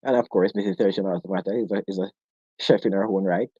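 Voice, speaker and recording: A man's voice: sits low, fairly even intonation, fast, warm tone, slightly rough, no room sound, dull audio. A man hosting a live-stream chat in a playful, joking way. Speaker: host of a live discussion stream.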